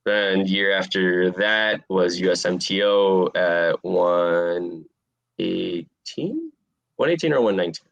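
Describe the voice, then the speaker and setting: A man in his twenties answering interview questions in a relaxed, rambling way with lots of fillers. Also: low voice, vocal fry, no echo, lo-fi sound. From USA. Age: 20s. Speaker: interviewed fighter.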